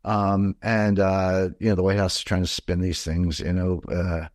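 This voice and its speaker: A man's voice: low voice, level tone, moderate pace, a little mellow, no echo, studio quality. An older man, a financial commentator, giving blunt, opinionated and rambling answers in an interview.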